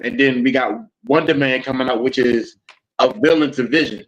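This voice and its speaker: Guy on a podcast, steady and insistent, muffled lo-fi audio. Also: medium pitch, moderate pace. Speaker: podcast co-host. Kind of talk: casual chat. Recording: dull lo-fi audio.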